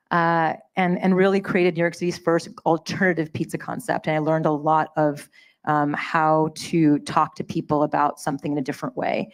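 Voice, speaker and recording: Woman, from Canada, bubbly, rambling, lower pitch, conference panel. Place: conference stage.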